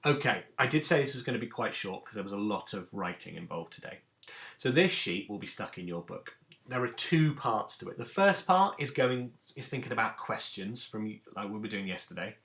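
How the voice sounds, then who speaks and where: Low gravelly male teacher. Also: expressive, normal speed, fairly bright tone. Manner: patient, clear step-by-step explaining. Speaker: primary school teacher. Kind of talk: recorded lesson for children.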